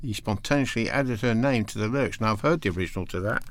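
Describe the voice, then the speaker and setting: A man's voice: on the low side, quick pace. A man presenting a casual music show, hesitant and rambling, losing his place in his notes and reading facts out between asides. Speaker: radio presenter.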